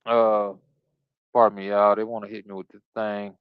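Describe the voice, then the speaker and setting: Fairly low and resonant, this man's voice is clear but flat in delivery, moving at a moderate pace; the streaming setup gives phone-quality sound with no room sound. As host of a scripture study podcast livestreamed as a Bible study, he reads verses aloud, then riffs preachily and casually, quizzing listeners with slangy asides between passages.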